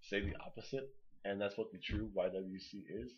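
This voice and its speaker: A man's voice: on the low side, steady tone, normal speed, darkish tone. A man talks wrestling with blunt opinions, swearing freely and stammering as he restarts sentences. The recording is dull and lo-fi. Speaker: podcast co-host. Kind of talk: casual wrestling chat.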